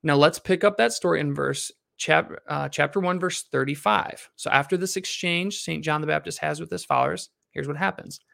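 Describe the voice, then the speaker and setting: A man's voice: fairly high pitch, vocal fry. A man reading a Bible passage aloud and then teaching on it, asking his class questions as he explains. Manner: reads scripture slowly, then explains in a lively, questioning way.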